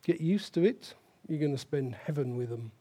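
A man's voice: fairly high pitch, expressive, moderate pace, dark tone. An older man preaching a sermon as pastor, emphatic and repeating key phrases for stress.

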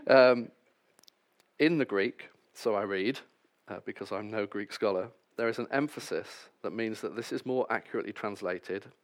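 A man preaching a sermon, reading scripture passages and then explaining them with wry, self-deprecating asides. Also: fairly low pitch.

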